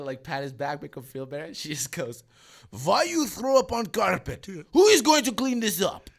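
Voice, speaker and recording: A young man co-hosts a casual podcast chat. He tells stories with animation, swears freely and laughs along the way. His pitch sits in the middle range for a man. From Canada. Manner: animated storyteller, swears, acts out voices with laughs. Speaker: podcast co-host.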